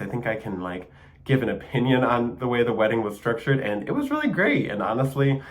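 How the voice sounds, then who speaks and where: A young man with a Michigan accent hosting a casual solo podcast, chatty and enthusiastic, with plenty of fillers and small laughs. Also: fairly low pitch. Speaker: podcast host.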